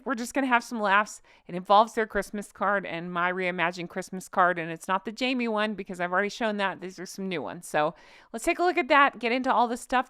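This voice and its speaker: A woman's voice: on the high side, fairly bright tone, clean tone, no echo. Giggly sarcastic woman vlogger, dry sound. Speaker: host. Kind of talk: casual commentary vlog.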